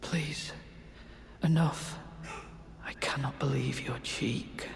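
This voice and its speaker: An actor playing a devoted man who drifts into poisoned sleep, speaking softly and languidly. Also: mid-range voice, fairly even intonation, slow pace, gravelly, in a whisper. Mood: resentful. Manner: soft, languid, drowsy. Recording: echoey game dialogue with long reverb.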